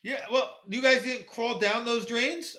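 A man in his forties chatting casually, often pausing and restarting with ums. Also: very high-pitched, sharp tone. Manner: halting, trails off with ums. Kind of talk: casual chat.

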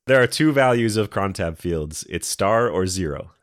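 A man with a very low voice co-hosts a casual chat, sounding a little sick and congested. He talks in a dry, joking way and laughs often. The sound is close and dry, with no room around it. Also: lively intonation, normal speed, no room sound. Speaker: podcast co-host.

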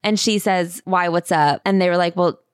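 Deadpan woman podcast co-host, dry sound. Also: fairly low pitch, normal speed, clear, resonant tone, dry recording. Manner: deadpan, blunt jokes. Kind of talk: casual comedic book recap.

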